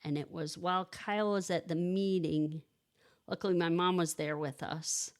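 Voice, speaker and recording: A woman in her thirties, her voice somewhat low and her intonation fairly even, shares a personal story as co-host of a casual podcast chat. Her speech comes in halting bursts, with restarted sentences and gaps filled by "like" and "you know."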